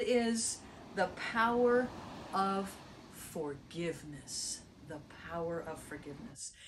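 A woman preaching a sermon, telling a parable in a lively storytelling way. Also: lowish voice. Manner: animated storytelling, acts out characters.

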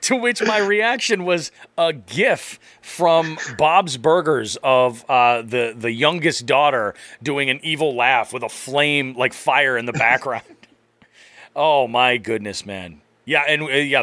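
A man co-hosting a podcast, telling stories in an animated, amused way in casual chat. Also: medium pitch, measured pace, no echo. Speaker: podcast co-host.

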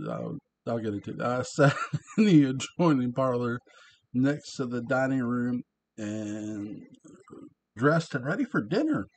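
A man's voice: on the low side, a little hiss or hum. A man casually reading a book aloud, stumbling on words and breaking off into chatty asides. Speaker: reader of a book. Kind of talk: casual read-aloud narration.

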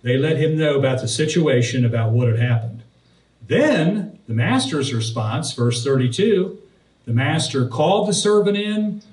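A pastor preaching, telling a personal story and then reading and explaining scripture verses. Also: male voice, on the high side, animated, moderate pace, a little mellow. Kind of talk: sermon. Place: church sanctuary. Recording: roomy, distant from the mic.

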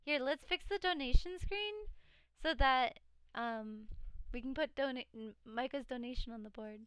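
A woman's voice: high voice, normal speed, a bit bright, clear, resonant tone, dry recording. A woman live streamer chatting casually with her viewers and reading out chat. She sounds tired, her voice cracking now and then. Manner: chatty, reads chat aloud, frequent laughs.

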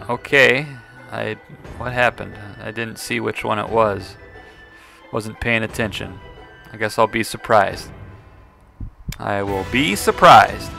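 Man, gameplay commentary, playful, chatty with viewers, bright sharp tone. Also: fairly low pitch, takes it slowly, creaky, pauses often, soft background music. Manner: playful, excitable, teasing the players and talking to viewers. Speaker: gaming video creator.

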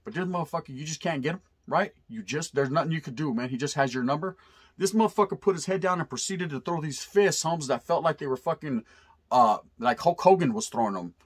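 A middle-aged man tells a story in a casual, animated way, loaded with profanity and street slang. His voice is husky and sits a bit high for a man. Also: brisk. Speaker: storyteller vlogger.

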